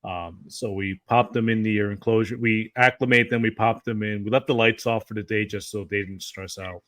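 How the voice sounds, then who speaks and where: A man hosting a casual chat, easygoing and relaxed as he tells stories. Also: lowish voice, moderate pace, dry recording.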